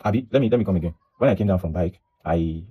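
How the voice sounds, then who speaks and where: Fast-talking Nigerian man telling a story. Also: deep voice, husky, dull audio. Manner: rambling, restarts and repeats himself, mixes in Pidgin. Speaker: vlogger. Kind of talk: casual storytelling monologue.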